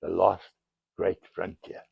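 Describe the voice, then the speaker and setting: Gravelly older man telling river history. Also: deep voice, monotone, slow pace, phone-quality sound, a little hiss or hum. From South Africa. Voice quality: gravelly, husky. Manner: dramatic storyteller, bursts of emphasis. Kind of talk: storytelling monologue outdoors.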